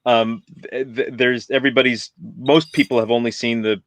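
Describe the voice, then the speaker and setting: Animated, opinionated man ranting about films. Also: mid-range voice, moderate pace, dry recording. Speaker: guest. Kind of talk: casual film chat.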